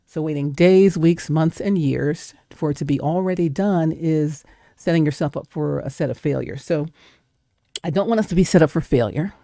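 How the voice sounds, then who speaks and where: A woman's voice: low voice, normal speed, gravelly, mellow, no echo, clean studio sound. A woman giving an emphatic, preacher-like faith talk, acting out doubting voices. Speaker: guest speaker.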